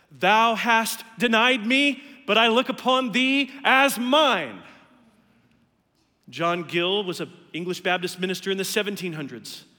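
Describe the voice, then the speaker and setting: Bright-voiced man preaching in a hall. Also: high-pitched. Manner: earnest preaching, rising emphatically on key words. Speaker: pastor. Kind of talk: sermon.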